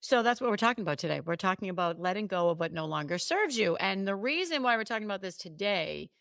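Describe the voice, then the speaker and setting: A woman co-hosting a podcast, telling stories in an animated, chatty way with quick asides and restarts. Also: medium pitch, gravelly, dry recording, clean studio sound. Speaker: podcast co-host and coach. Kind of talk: casual podcast chat.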